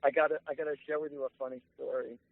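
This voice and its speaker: A man tells a casual story in an earnest, halting way, his voice a little high for a man. The line sounds tinny and phone-like, with no room around it. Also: flat delivery, creaky, no room sound. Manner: earnest, emotional, halting restarts. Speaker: guest psychic medium.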